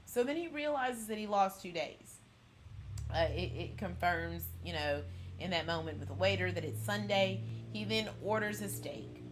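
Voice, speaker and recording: A woman's voice: medium pitch, lively intonation, normal speed, a little hiss or hum. A woman hosting a pop culture channel, casually recapping an episode in a rambling way full of fillers and restarts.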